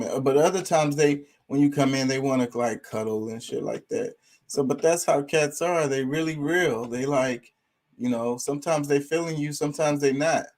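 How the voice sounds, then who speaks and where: A man's voice: mid-range voice, normal speed, darkish tone. A man talking casually and profanely about pets, rambling with lots of fillers. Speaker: streamer. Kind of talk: casual opinion talk.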